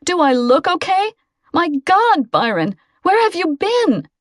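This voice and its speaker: A woman reading a novel aloud, voicing a frightened, tearful teenage girl in a high, strained, pleading voice. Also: very animated, unhurried, no room sound, clean studio sound, heavily acted. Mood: upset.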